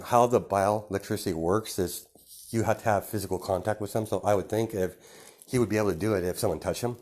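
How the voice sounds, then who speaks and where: A man makes up a fan story as he goes, rambling and padding it with fillers. His voice is very low and deep. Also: a little mellow. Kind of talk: casual improvised storytelling.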